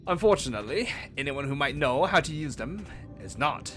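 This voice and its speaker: Man putting on a British accent, young male party member, formal, measured, fairly high, lively pitch. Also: faint music behind. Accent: put-on British. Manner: measured, formal reading of game dialogue.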